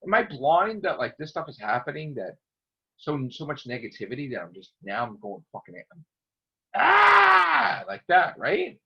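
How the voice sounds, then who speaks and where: A man ranting casually to camera as a vlogger, excitable and rambling, swearing constantly. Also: mid-range voice, moderate pace. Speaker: YouTube vlogger. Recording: dull lo-fi recording.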